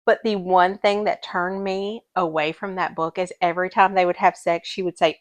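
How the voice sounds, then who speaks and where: A woman co-hosting a podcast, chatting casually and spinning animated, mock-exasperated stories. Her pitch sits in the middle range. The sound is dry and close to the mic. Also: brisk, few pauses, no echo. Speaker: podcast co-host. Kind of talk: casual chat.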